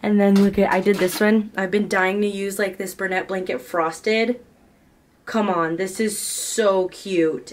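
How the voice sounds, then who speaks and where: A woman in her twenties chatting casually in a crochet vlog from her home office, gushing and excitable. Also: medium pitch, recorded from a distance. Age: 20s. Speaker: crochet vlogger.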